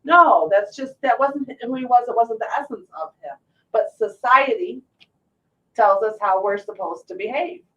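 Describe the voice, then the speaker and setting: A middle-aged woman hosting a casual talk show, telling stories with lively acted-out quotes. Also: a little high, moderate pace. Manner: animated storyteller, acts out quotes. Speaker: host. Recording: distant muffled mic.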